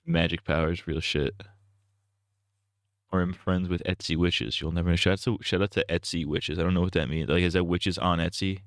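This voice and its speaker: A man's voice: deep voice, fairly even intonation, fairly quick, dry recording, studio quality. A man streaming a video game live, riffing casually with crude jokes and swearing. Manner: crude, joking, riffing with frequent laughs and swearing.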